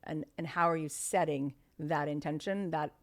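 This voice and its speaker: A middle-aged woman talking as a guest on a podcast, with a voice on the low side. She speaks in an animated way, acting out little quotes and sometimes dropping into a near whisper. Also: normal speed. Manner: animated, acts out quotes, drops to a whisper for emphasis. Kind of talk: conversational podcast interview.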